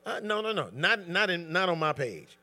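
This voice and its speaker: A man's voice: high voice, very animated, moderate pace, bright, forceful tone, soft background music. A man leading an interactive Bible study, calling on members by name in a conversational, emphatic way. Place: church group gathering.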